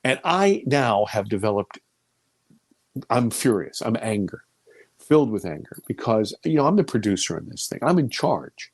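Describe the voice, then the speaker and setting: A man in his fifties telling a personal story in an interview, with a pitch that leaps and falls as he talks. He swings from loud exclamations down to hushed near-whispers. The sound is dry and close, with no room echo. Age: 50s.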